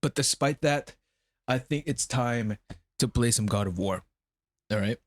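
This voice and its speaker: A man's voice: medium pitch, unhurried, no echo. A man streams live and chats loosely, cursing freely in a mid-range voice. He is feeling unwell, his nose is stuffy and running. The sound is close and dry, with no room behind it. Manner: profane, rambling. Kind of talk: casual live-stream chat.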